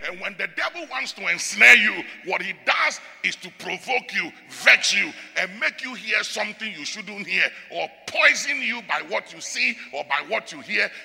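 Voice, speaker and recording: A man preaching a sermon, his delivery swinging from quiet talk to shouted bursts, at times praying in tongues. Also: high voice, creaky. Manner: speaks in tongues. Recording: long hall reverb.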